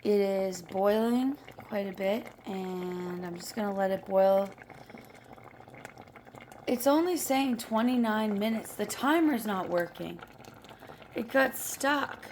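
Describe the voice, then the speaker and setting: A woman's voice: medium pitch, slow pace, darkish tone, a little hiss or hum. A woman vlogging from her home kitchen while baking, chatty and playful, laughing often. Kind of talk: casual kitchen vlog.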